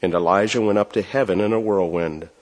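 A man reading a scripture passage aloud during a church service, clear and measured. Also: on the low side, a little mellow, in a large hall. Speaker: scripture reader.

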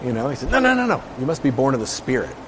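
A man's voice: mid-range voice, rapid-fire, a little mellow, a little hiss or hum. A man preaching in a casual, conversational way, reading scripture aloud with emphasis and often checking in with his listeners. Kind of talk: casual Bible teaching.

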